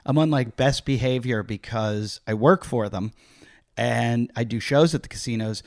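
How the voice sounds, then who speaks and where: A man's voice: medium pitch, normal speed, a little mellow, no room sound, clean studio sound. A man hosting a podcast, chatting casually and telling rambling stories full of "like". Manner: rambling storyteller, heavy use of "like". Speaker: podcast host. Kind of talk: casual chat.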